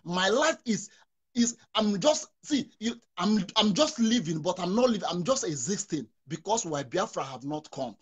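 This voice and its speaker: A man's voice: high-pitched, big pitch swings, moderate pace, slightly rough. A man speaking as a talk show guest over a remote call, fervent, often restarting and repeating himself. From Nigeria. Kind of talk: impassioned talk show discussion. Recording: interrupted remote call connection.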